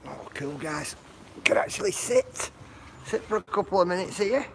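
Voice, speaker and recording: A man's voice: high voice, huge pitch swings, normal speed, gravelly, a little hiss or hum. A man chats and jokes with viewers on a walking livestream, laughing often, filming outdoors on a handheld phone. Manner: jokey, chatty, laughs often, talks to viewers. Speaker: livestream vlogger. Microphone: handheld phone camera.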